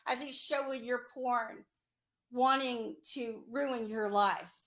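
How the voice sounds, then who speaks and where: A woman with a high voice tears into someone in a furious, confrontational rant. She is accusatory and sarcastic, and she swears freely. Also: fairly even intonation, takes it slowly, a bit bright.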